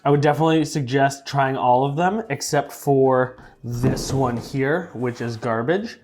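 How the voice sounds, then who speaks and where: Unhurried and medium-pitched with a darkish tone, a young vlogger casually tastes sauces over faint background music. His manner is chatty and joking; he trails into fillers and repeats and mispronounces words for fun.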